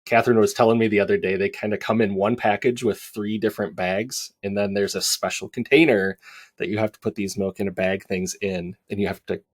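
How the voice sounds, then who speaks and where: A podcast host with a lowish voice talks fairly quickly in a steady tone, chatting with light laughter before reading announcements at an even pace. The recording is dry.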